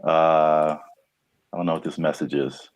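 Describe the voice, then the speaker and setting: A man from California co-hosts a casual podcast in a low, deep voice. He rambles playfully and laughs easily, recorded dry and close. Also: level tone, unhurried, no room sound. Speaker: podcast co-host.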